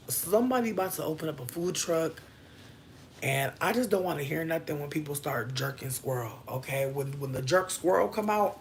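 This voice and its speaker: A woman riffs through a loose, profane comedic chat as a podcast host. Her lowish voice leaps around wildly in pitch, and a faint hiss of background noise sits behind her. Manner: loose, profane, riffing with big swings in pitch.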